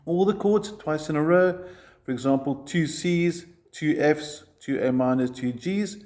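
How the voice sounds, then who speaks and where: In this music lesson, a man teaches ukulele, walking through chord shapes step by step and counting the strums aloud. His voice is a little high and somewhat dark in tone, and he speaks a bit slowly.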